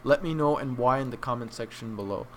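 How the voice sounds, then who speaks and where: A man's voice: medium pitch, background noise. Tearful young man reviewing anime. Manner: heartfelt, halting, restarts often. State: crying, choked up. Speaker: anime reaction channel host. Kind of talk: emotional casual review.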